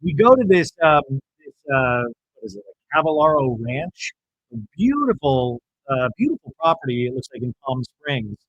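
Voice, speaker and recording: A man's voice: medium pitch, big pitch swings, moderate pace, a bit bright, dry recording, muffled recording. A man hosting a podcast, casually recapping a reality show and acting out the cast members' lines. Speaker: podcast host.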